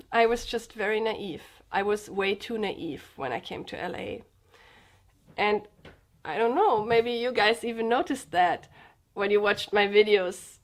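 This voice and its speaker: A young woman from Germany with a German accent, speaking in an earnest, hesitant way, with fillers and restarts, in a personal confessional vlog. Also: medium pitch. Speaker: vlogger.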